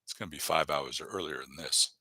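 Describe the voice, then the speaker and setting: A man's voice: rumbling low, a little fast, bright, forceful tone, slightly rough, no room sound. A man hosting a casual livestream, rambling and encouraging as he reads out viewers' chat. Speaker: YouTube livestreamer.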